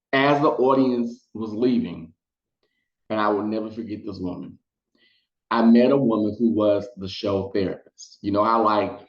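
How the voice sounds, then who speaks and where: A man telling a personal story in casual vlog style, acting out the people he quotes. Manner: animated, acts out quotes in high voices. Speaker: storytime vlogger. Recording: roomy, dull lo-fi sound.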